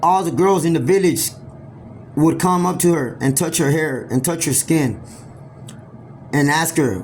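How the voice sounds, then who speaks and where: Gravelly man telling a rambling story. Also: fairly high pitch, a little hiss or hum. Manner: rambling, halting, often restarts sentences. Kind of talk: improvised oral storytelling.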